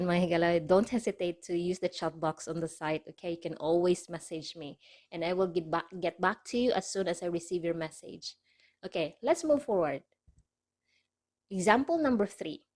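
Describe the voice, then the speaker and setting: A woman teaching a relaxed online language lesson, explaining patiently, repeating example phrases slowly and checking in with her listeners as she goes. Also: medium pitch.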